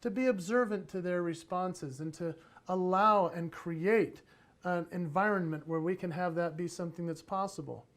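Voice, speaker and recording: A man speaking at a parenting conference, telling animated stories from family life in a motivational talk. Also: high voice, moderate pace. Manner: animated, acts out voices in his stories.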